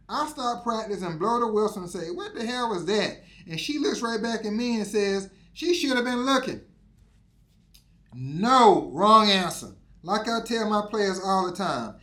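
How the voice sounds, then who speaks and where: A man's voice: sits high, a bit bright. A man giving a motivational teaching talk, preachy and emphatic with lots of repetition. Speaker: insurance exam coach.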